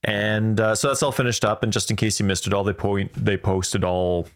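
A man's voice: on the low side, level tone, moderate pace, vocal fry. A man co-hosting a casual gaming podcast from home at a desk mic, talking in a rambling, chatty way. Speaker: podcast co-host. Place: home recording setup with a cat nearby. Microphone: desk microphone.

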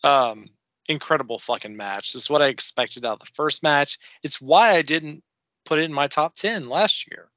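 A male podcast co-host in casual chat, excitable and profane, often laughing as he talks. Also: on the high side, normal speed, no room sound, highs cut off. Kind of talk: casual wrestling review chat.

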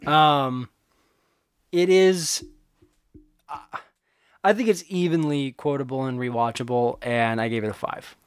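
A man co-hosting a movie podcast in casual chat, relaxed and agreeable, with some easy teasing. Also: medium pitch, unhurried, pauses often, clear, resonant tone.

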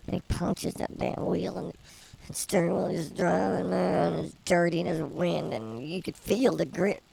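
A woman co-hosting a casual comedy podcast, telling a rambling story in a wry, deadpan way. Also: fairly low pitch, a little slow, creaky, a crowd in the background, poor audio. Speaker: podcast co-host.

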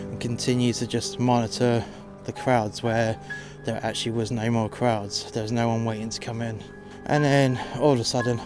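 A man in the middle of a story about a difficult customer, talking bluntly and swearing freely. His voice sits at an everyday middle pitch. Music plays clearly behind him. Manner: blunt, sweary, exasperated retelling. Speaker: podcast host telling work stories. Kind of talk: casual storytelling monologue.

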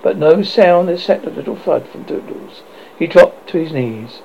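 A narrator reading a storybook aloud, halting now and then with restarts, in a dull lo-fi recording. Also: mid-range voice, expressive, gravelly, warm tone, slight background noise.

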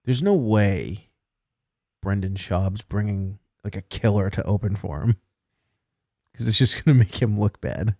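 A man's voice: lowish voice, measured pace, long pauses, warm tone, no room sound, clean studio sound. A man hosting a casual podcast chat, teasing his friends and laughing through his stories.

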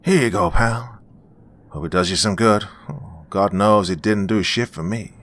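A man's voice: lowish voice, a little slow, fairly bright tone. A man voicing a friendly, wry old man in a spoken story, talking in an easygoing, chummy way.

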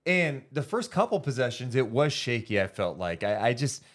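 A man's voice: mid-range voice, moderate pace. A man co-hosting a podcast, talking through a basketball game in a casual, analytical way. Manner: animated, analytical, quotes fans in mock voices. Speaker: podcast co-host. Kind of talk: casual sports talk.

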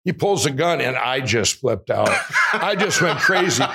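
An excitable man telling a rambling personal story as an interview guest, often laughing while he talks. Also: a little high, moderate pace, creaky, slight background noise. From Minnesota. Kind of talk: animated storytelling.

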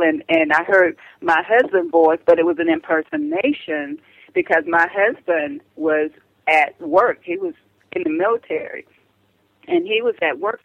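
An older woman calling in as a radio interview guest, speaking earnestly and haltingly with frequent restarts. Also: fairly low pitch, creaky, no room sound. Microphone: telephone. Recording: dull, dry phone line.

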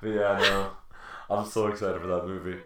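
A man's voice: sits low, little pitch movement, moderate pace. Swearing, laughing podcast man, echoey room. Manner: swears often, laughs a lot, riffs with silly bits. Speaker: podcast co-host. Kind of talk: casual film chat. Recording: echoey room with background noise.

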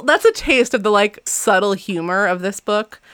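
A woman's voice: mid-range voice, lively intonation, normal speed, fairly bright tone, smooth, no room sound. A young woman co-hosting a casual book podcast, laughing often and reading passages aloud. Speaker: podcast co-host.

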